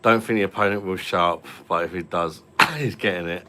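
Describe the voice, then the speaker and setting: Very deep-voiced man, forceful. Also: normal speed. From London. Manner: rambling, chatty, full of fillers and repeats. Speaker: live-stream host. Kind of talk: casual live-stream chat.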